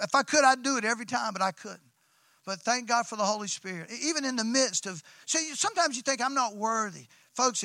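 Excitable pastor telling a story. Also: male voice, extremely high pitch, dry recording. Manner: excitable, folksy, repeats and restarts, bursts into loud shouts. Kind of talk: sermon storytelling.

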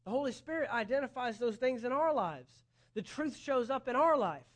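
A man with a high-pitched voice preaches a sermon. He speaks earnestly, building emphasis as he goes, and acts out imagined dialogue to make his points. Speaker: pastor.

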